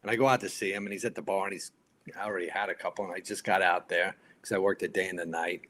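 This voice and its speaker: There's a little hiss or hum behind this deep-voiced, fast-talking man. In his fifties, he's a retired firefighter who became an actor, and as a podcast guest he tells casual stories, vividly acting out what others said.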